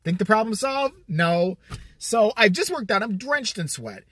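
A man's voice: sits high, animated, a little slow, pushed and bright, slightly rough, dry recording. A man telling a profane, sarcastic comic rant with an exasperated edge. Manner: sarcastic, swears a lot, exasperated. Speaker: vlogger.

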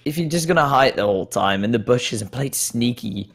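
A man's voice: medium pitch, animated, brisk, a bit bright, slightly rough. A man co-hosting a casual gaming podcast, telling loose, rambling stories full of fillers. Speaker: podcast co-host and gamer. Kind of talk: casual chat.

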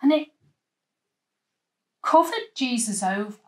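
A woman leading a children's church session, telling a Bible story with lively voices and asking the children at home to join in. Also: a little high, slow. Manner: animated, acting out the story with voices and gestures.

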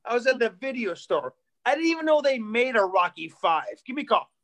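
A man's voice: very high voice, big pitch swings, fairly quick, fairly bright tone, full character voice. A man imitating his older father leaving stiff, clipped voicemail messages. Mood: rambling.

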